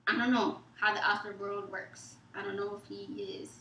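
A woman guest telling a story in a casual chat, animated and acting out what others said, in loose informal speech. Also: mid-range voice, moderate pace. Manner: animated, acts out quoted texts and dialogue. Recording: echoey room.

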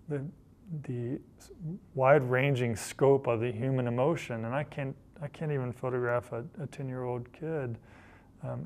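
A middle-aged man, a photojournalist, telling personal stories in an earnest, reflective way, often repeating phrases as he gathers his thoughts. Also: mid-range voice. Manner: earnest, repeats phrases while thinking, quotes others in passing.

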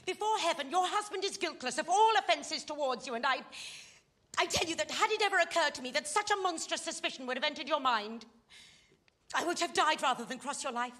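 A woman's voice: sits high, expressive, fairly quick, a bit bright. A woman playing an impassioned fallen society lady. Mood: pleading. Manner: impassioned, pleading. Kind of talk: stage play scene.

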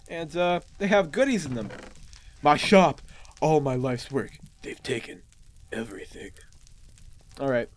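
A man's voice: high voice, a little hiss or hum. A man hosting a gaming channel, giving casual, rambling, self-amused commentary as he plays.

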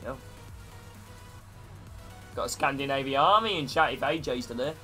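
A man's voice: mid-range voice, animated, moderate pace, pushed and bright, soft background music. A man live-streaming a football video game, calling the play and greeting his chat viewers. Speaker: gaming streamer.

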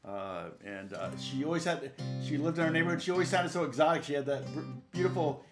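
A man's voice: fairly high pitch, quick pace. A middle-aged man teaching guitar on a live stream, rambling and chatting with viewers, laughing often and counting out notes. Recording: echoey room with loud guitar playing.

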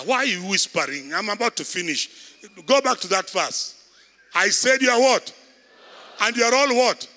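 A man with a Kenyan accent, a bishop preaching a loud sermon and calling out to the congregation in a large church. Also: very high voice. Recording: echoey church hall.

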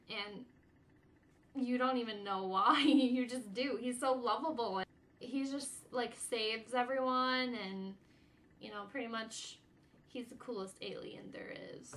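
Bright-voiced bubbly American young woman. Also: fairly high pitch, slight background noise. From United States. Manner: bubbly, gushing, rambling. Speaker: vlog channel regular. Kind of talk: casual chat to camera.

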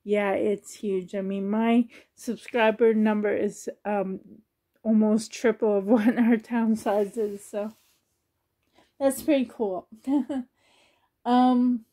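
Soft-spoken teary woman, slow and high. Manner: sensitive, fighting back tears, nervous laughs. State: near tears. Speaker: reborn doll collector and YouTuber. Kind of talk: casual vlog talk.

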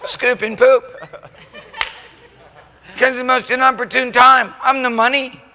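A man preaching a church sermon, telling a story and building to shouted climaxes. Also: very high voice, steady tone, a little slow. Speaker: pastor. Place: church sanctuary. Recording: church hall reverb.

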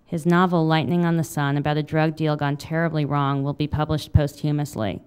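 A woman in her thirties, an author reading a confessional memoir aloud in a wry manner, then answering questions with halting fillers. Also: deep voice, flat delivery, darkish tone, clean tone. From United States. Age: 30s.

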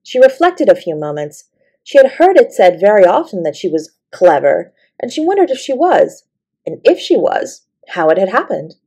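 A woman's voice: mid-range voice, very animated, normal speed, warm tone, husky. Woman reading a bedtime story. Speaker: audiobook narrator.

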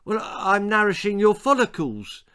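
A man's voice: very high-pitched, expressive, unhurried, bright, forceful tone, voice pushed up, exaggerated voice. A man voicing a defensive woman hairdresser in a storybook reading.

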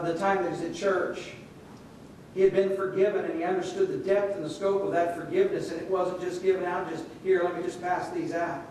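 A man preaching a sermon in a relaxed, conversational way, telling stories and acting out the voices in them. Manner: conversational storytelling with quoted voices. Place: church sanctuary. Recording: echoey church room, distant mic, faint rumble.

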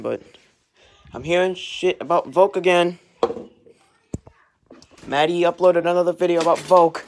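A man's voice: fairly high pitch, a little hiss or hum. Angry rambling young man ranting. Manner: angry, rambling, swears often. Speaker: vlogger. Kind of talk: casual rant vlog. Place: kitchen at home, in doors. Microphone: handheld camera, walking around.

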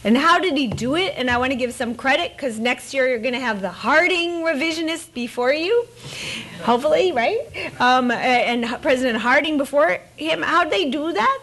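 Lively wry woman lecturing. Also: high voice. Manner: lively, wry, digressive, playful asides. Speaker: author giving a lecture. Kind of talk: public lecture. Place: presidential library auditorium.

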